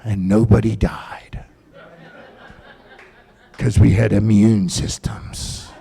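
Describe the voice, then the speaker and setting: A man's voice: lowish voice, level tone, slow, gravelly, warm tone, breathy edge. A middle-aged man doing profane stand-up in a comedy club, ranting and telling stories on a stage mic.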